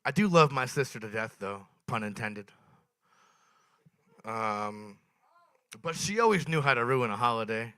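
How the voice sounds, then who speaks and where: A young man performing a stand-up comedy set at a small open mic, telling dark stories in a deadpan, swearing way. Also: medium pitch, measured pace, long pauses, clear, resonant tone, no echo.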